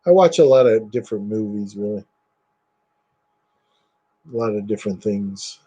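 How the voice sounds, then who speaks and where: A man's fairly low, warm voice moves expressively at a moderate pace, and the recording's highs are cut off. As a collector in a casual show-and-tell, he rambles about his items with lots of fillers and eager enthusiasm.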